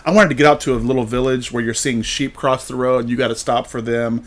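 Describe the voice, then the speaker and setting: A man's voice: medium pitch, fairly even intonation, fairly quick. A man from the United States hosting a podcast, chatting casually and acting out the people he met. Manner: rambling storyteller, quotes people in voices. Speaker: podcast host. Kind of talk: casual chat.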